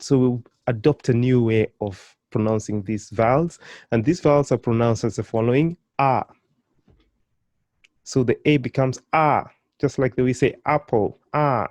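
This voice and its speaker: A man's voice: mid-range voice, a little mellow, no echo. Encouraging man teaching pronunciation. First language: Swahili. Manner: encouraging, prompts learners to repeat, praises often; slow, carefully stretched model pronunciations. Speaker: Swahili teacher. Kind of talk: language lesson.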